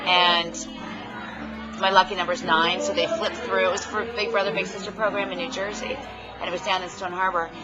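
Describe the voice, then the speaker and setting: A man's voice: high voice, flat delivery, brisk, over a noisy crowd. A man chatting casually at a restaurant, sharing an anecdote of his own. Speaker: conversation partner. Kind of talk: casual chat. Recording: dull lo-fi audio with music behind.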